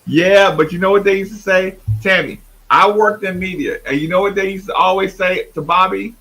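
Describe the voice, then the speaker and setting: A man hosting a sports talk show, emphatic and animated, often imitating others. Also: sits high, normal speed, poor audio. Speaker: host.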